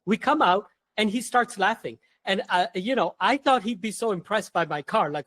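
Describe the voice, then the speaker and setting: A man's voice: high-pitched, normal speed, few pauses, a bit bright, a little hiss or hum. A man talking as a podcast guest, telling stories bluntly and emphatically, with casual slang. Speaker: guest, entrepreneur.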